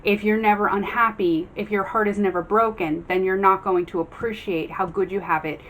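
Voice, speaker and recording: A woman's voice: medium pitch, steady tone, normal speed, fairly bright tone. A woman giving a casual tarot reading to her viewers. She talks earnestly and encouragingly, with many ums and restarts. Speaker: tarot reader.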